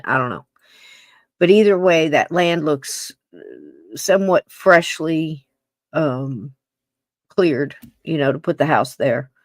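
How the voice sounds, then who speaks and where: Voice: mid-range voice, dry recording, studio quality. A podcast host giving casual commentary, rambling and thinking aloud with many fillers.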